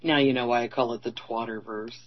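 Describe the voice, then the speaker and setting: A man with a mid-range, slightly husky voice adds wry one-liners and agreement in casual talk-show banter. The sound is dull and lo-fi. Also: medium pitch, fairly even intonation. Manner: wry, agreeing, quick quips. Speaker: podcast co-host.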